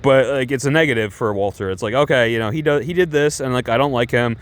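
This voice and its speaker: A man's voice: medium pitch, quick pace. A young man casually reviewing TV shows, chatty and rambling with many restarts. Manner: chatty, heavy use of "like" and restarts, laughing asides.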